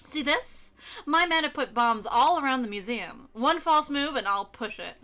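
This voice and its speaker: A woman's voice: high-pitched, lively intonation, moderate pace, pushed and bright, pitched above the performer's own voice. A woman voicing a theatrical male supervillain, reading his lines in a hammy, declamatory way. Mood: threatening.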